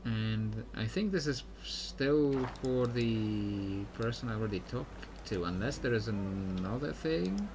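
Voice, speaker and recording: A man's voice: fairly low pitch, lively intonation, slow, hardly any pauses, noisy background. A man streaming a game, chatting casually and thinking aloud as he clicks through quests. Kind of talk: casual let's-play commentary.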